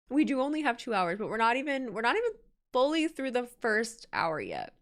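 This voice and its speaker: A woman's voice: fairly high pitch, huge pitch swings, fairly quick. A woman live-streaming her reaction to a wrestling show, chatting casually, laughing often and reading viewer messages aloud.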